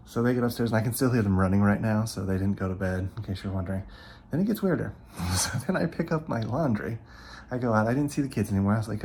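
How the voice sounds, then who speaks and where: A travel vlogger from California casually tells a story to the camera, chatty and acting out what people said with quoted asides. His voice is fairly low, expressive, fast, and a little mellow, with slight background noise.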